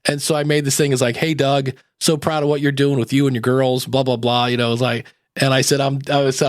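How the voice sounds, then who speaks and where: A man's voice: mid-range voice, fairly even intonation, brisk, no echo. A man co-hosting a podcast in casual chat, telling anecdotes in a chatty way that keeps interrupting itself, on a close mic. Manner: storytelling, chatty, self-interrupting. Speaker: podcast co-host.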